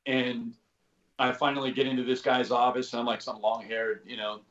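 In a laid-back interview, a man in his fifties who served in special operations tells wandering stories full of "you know," "like," and casual profanity. His mid-range voice is fairly bright, level in tone and moderately paced, in roomy, slightly dull podcast audio.

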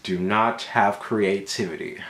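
A man's voice: fairly low pitch, measured pace, echoey room. A young man hosting a comedy vlog, reading viewer comments aloud in a sassy, exaggerated manner. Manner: animated, swings between voices, sassy and exaggerated.

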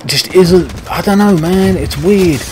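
A man's voice: high-pitched, measured pace, background noise. A man with a British accent commentating his own gameplay, frustrated and swearing as he rants. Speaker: gaming channel host. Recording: game gunfire loud behind voice. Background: video game gunfire and explosions.

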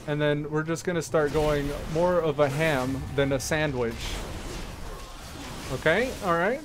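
A man's voice: on the high side, measured pace, noisy background. A man giving casual, rambling commentary while playing a game, laughing often and talking to himself. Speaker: gameplay streamer.

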